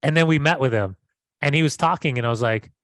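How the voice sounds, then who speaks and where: A man's voice: medium pitch, fast, no echo, clean studio sound. A man co-hosting a podcast, talking casually and animatedly, often repeating words as he starts a thought. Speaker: podcast co-host.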